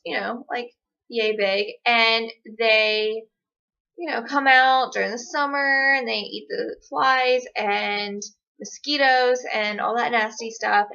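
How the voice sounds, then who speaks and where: Bright-voiced woman, sarcastic chat. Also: on the high side, vocal fry. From Georgia, USA. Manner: chatty, sarcastic storytelling. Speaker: vlogger. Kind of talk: casual chat. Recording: dull lo-fi recording.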